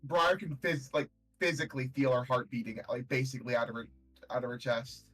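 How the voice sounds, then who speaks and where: A man's voice: medium pitch, steady tone, brisk, a bit bright, soft background music, poor audio. A man narrating as game master in a tabletop game, loose and full of fillers. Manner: loose, filler-heavy storytelling.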